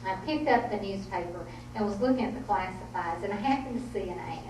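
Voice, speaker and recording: A woman's voice: medium pitch, fast talker, a little mellow. Middle-aged Southern woman, author at a podium, folksy humorous storyteller; roomy, distant sound. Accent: Southern American. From Southern United States. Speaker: author giving a talk. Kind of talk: storytelling talk. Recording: echoey room, distant mic, faint noise.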